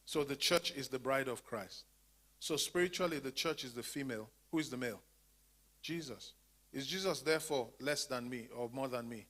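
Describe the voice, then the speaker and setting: A man's voice: mid-range voice, moderate pace, a bit bright. A man teaching a women's church class. He asks questions and leaves his sentences open for the group to finish, repeating key words for emphasis. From Zambia.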